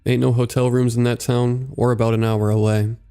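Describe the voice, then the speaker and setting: A man's voice: mid-range voice, flat delivery, a little fast, warm tone, clear, resonant tone, soft background music, close to an everyday voice. A man doing a drawling Southern driver. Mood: folksy. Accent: American Southern. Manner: drawling, folksy. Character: southern male driver, folksy and terse.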